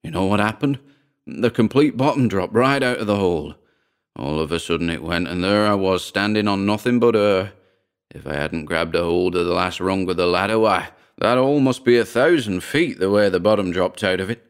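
A gruff, scornful farmer talks in blunt, rough folksy phrases, voiced by a man reading the story. The voice sits very deep and smooth. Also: moderate pace. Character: gruff uneducated middle-aged farmer, scornful.

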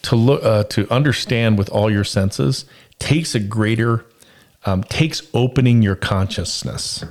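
Lower-voiced, reflective male podcast host. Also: a little slow. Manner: reflective, philosophizing. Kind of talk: casual chat.

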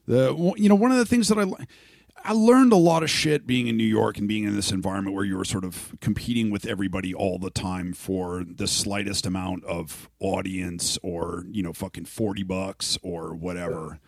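A middle-aged podcast host from Saskatchewan, Canada, chats casually and candidly, swearing a lot, rambling, and restarting sentences. His low, slightly mellow voice has vocal fry and a steady tone at normal speed, recorded in studio quality with no echo.

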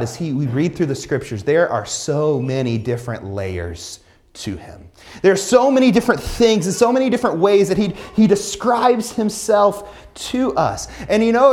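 A man's voice: sits high, darkish tone. A young man preaching a sermon as pastor, speaking conversationally and addressing the congregation directly.

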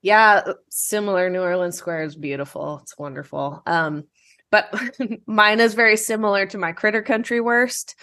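A woman's voice: medium pitch, normal speed, sharp tone, no room sound, clean studio sound. A woman on a podcast panel, chatty and sharing fun facts. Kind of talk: casual chat.

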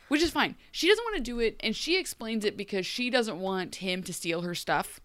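Chatting on a podcast about a TV episode, this co-host animatedly slips into the characters' lines as she recounts it. Her fairly high voice moves briskly over a dry recording.

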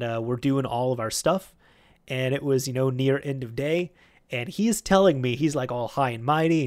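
A man hosting a podcast, telling a rambling story about an old job in a casual, chatty way and getting animated when he quotes other people. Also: mid-range voice. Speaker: podcast host.

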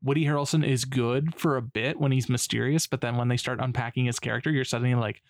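A man's voice: medium pitch, steady tone, fast, no echo, clean studio sound. A man co-hosting a casual movie podcast, rambling and swearing as he trails off and restarts. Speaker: podcast co-host. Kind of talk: casual movie review chat.

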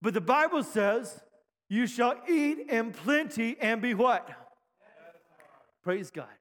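High-voiced preacher in a reverberant hall. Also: male voice, expressive, takes it slowly. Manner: rousing preaching, calls of amen, shouting at peaks, jokes with congregation. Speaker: pastor. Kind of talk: sermon. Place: church sanctuary. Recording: long reverb of a church hall.

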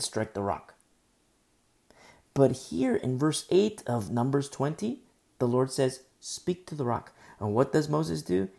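A man's voice: on the high side, vocal fry, a little mellow. A man preaching a sermon, teaching through a Bible passage and repeating key phrases for emphasis. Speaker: pastor.

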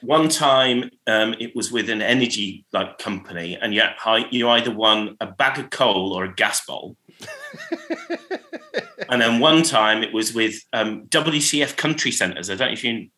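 A man's voice: lowish voice, moderate pace, hardly any pauses, bright, forceful tone, echoey room. A man, a radio programmer, telling anecdotes in a casual chat, laughing often and acting out callers and jingles. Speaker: radio programmer, podcast guest.

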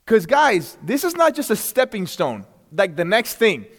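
A man with a fairly high voice teaches a church class in an easy, conversational way. He keeps asking the room questions and lets small chuckles slip between points. His voice rings with a long reverb, as if recorded in a large hall. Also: big pitch swings, a little slow.

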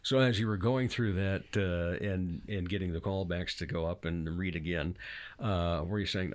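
A man hosting an interview show, asking questions in a halting way with lots of fillers, often laughing. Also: sits low, steady tone. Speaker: radio show host. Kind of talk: casual interview.

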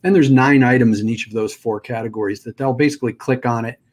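Male host, mid-pitched everyday voice, relaxed and loose, explaining things in an unscripted chat. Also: quick pace. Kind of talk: casual conversation.

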